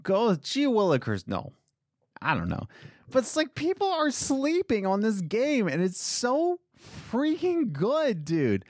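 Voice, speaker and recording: A young man co-hosting a casual podcast about video games, talking in an excited, rambling way. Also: measured pace, no echo, studio quality. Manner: excited, rambling, jumps between high and low pitch. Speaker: podcast co-host.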